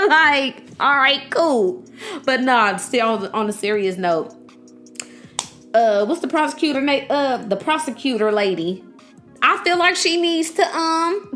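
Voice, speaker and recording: A young woman hosts a podcast in loose, casual chat. Her voice sits a bit high, and she swears, laughs and acts out the people she quotes. Faint music plays under her. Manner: animated, profane, laughs often, acts out quotes. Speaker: podcast host.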